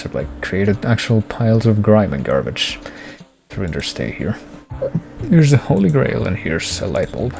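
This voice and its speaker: A man's voice: lowish voice, vocal fry, darkish tone. A man streaming a game, giving wry, rambling commentary with chuckling asides.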